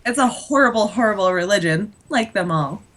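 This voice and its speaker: Bright, animated woman, scoffing podcast panelist. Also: medium pitch. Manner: scoffing, quick to argue. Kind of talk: casual podcast chat.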